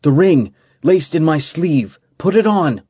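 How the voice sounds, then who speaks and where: A man's voice: mid-range voice, takes it slowly, creaky, breathy edge, dry recording, clean studio sound, heavily acted. A man doing a strained knight barking orders. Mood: urgent. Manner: urgent, commanding shouts. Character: straining male knight shouting in a storm.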